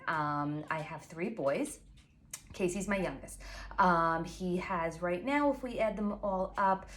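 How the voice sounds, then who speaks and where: A woman in her forties with a Long Island New York accent, a pastry chef giving a chatty, fast how-to talk full of asides and fillers. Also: fairly low pitch, slight background noise. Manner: fast, chatty and self-apologetic, with frequent fillers. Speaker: pastry chef and baking teacher. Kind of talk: casual instructional talk to camera.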